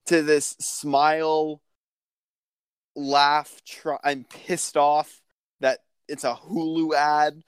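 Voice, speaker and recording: Young male co-host, a bit high-pitched, dry close sound, jokey. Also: very slow, smooth, no echo. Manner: excitable, jokey. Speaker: podcast co-host. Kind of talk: casual chat.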